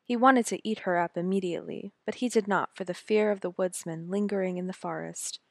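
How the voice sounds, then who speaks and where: A woman narrating a fairy tale in a gentle, measured reading voice. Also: fairly low pitch, creaky, no echo, clean studio sound. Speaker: storyteller. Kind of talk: scripted storybook narration.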